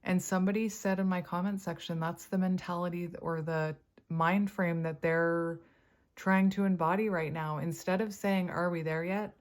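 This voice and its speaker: A woman with a somewhat low voice gives a casual tarot reading straight to her viewers. She chats freely, thinks out loud and laughs often as she turns the cards. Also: fairly even intonation, moderate pace. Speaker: tarot reader.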